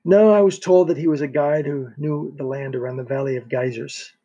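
A determined male agent, read by a male narrator, firm and insistent as he keeps pressing for help. The voice is husky and sits a little high. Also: steady tone, fairly quick, dark tone, highs cut off. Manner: firm, pleading. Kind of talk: audiobook character voice.

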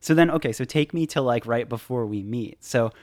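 Male host, mid pitch, relaxed, swears freely, prompts the guest along. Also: fairly quick, dry recording, studio quality. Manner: loose, swears casually, encouraging. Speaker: podcast host. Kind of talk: casual chat.

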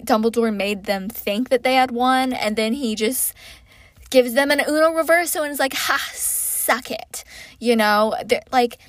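A woman's voice: medium pitch, dry recording. Young woman, casual book chat, rambling, filler words, dry close sound. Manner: chatty, rambling, lots of fillers. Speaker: book reviewer.

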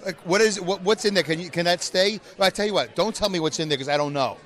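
A man's voice: high voice, quick pace, fairly bright tone. A man co-hosting a podcast in casual chat, joking and teasing his co-host. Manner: joking, teasing, self-mocking. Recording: crowd noise behind.

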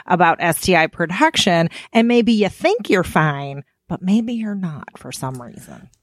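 A woman's voice: fairly low pitch, big pitch swings, measured pace, no room sound. Dry, close-miked woman podcast host. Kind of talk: casual chat.

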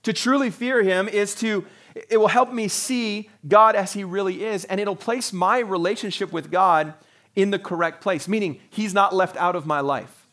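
Male pastor, middle-aged, high voice, chatty sermon delivery that slips into quick voiced asides. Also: fairly bright tone. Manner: conversational, acts out quotes in little voices.

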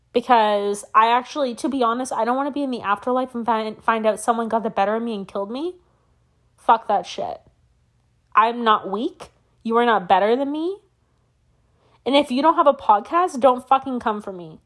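A young woman hosting a solo podcast, telling a story as a profane, animated rant that swings up and down. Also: fairly high pitch, moderate pace. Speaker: podcast host.

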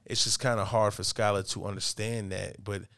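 A slightly low-voiced man in his thirties hosts a relaxed podcast chat. He vents openly and swears freely. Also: moderate pace, slight background noise. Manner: profane, venting. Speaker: podcast host.

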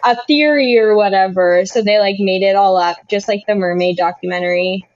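A woman's voice: mid-range voice, normal speed, highs cut off, crowd noise. A woman co-hosting a podcast in casual chat, rambling through stories with lots of fillers and giggles. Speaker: podcast co-host.

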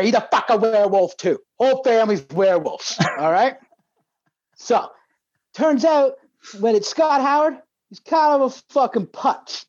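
A man's voice: high voice, a little mellow, no room sound. A man co-hosting a podcast, telling a rambling story full of swearing in casual chat. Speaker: podcast co-host. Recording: dull lo-fi dry sound.

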